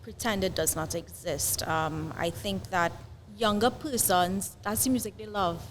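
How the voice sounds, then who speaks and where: Measured woman co-host, faint ambience. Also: mid-range voice, slight background noise. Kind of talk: casual chat.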